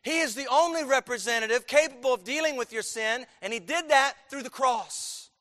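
A male pastor preaching in a high, bright, ringing voice. He presses his points with rhetorical questions and sudden emphatic bursts. His words carry a long reverb from a large church hall. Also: normal speed. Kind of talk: sermon.

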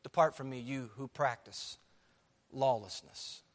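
A man preaching a sermon to his church, emphatic, swinging from soft to loud. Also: mid-range voice, a little slow, long reverb tail. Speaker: pastor. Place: church sanctuary.

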